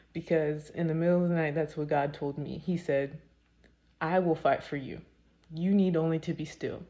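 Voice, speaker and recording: Woman with a lowish voice doing an earnest faith talk, lots of "like" and "um". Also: warm tone. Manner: earnest, emphatic, lots of "like" fillers. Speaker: faith content creator. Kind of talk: devotional talk to camera.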